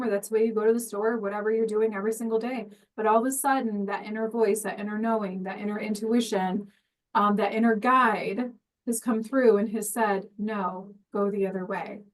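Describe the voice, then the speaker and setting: Woman co-host, earnest storyteller, slightly distant from the mic. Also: medium pitch. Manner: earnest, animated storyteller with examples. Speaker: podcast co-host. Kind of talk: casual spiritual chat. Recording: voice a bit off-mic.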